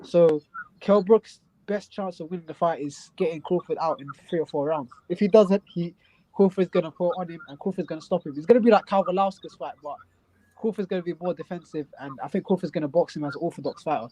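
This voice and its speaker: A man's voice: a little high, fast talker, dark tone, no echo, low-quality recording. A man with a London accent in casual chat, giving blunt opinions on boxing and often repeating himself. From South London. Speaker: guest boxing pundit.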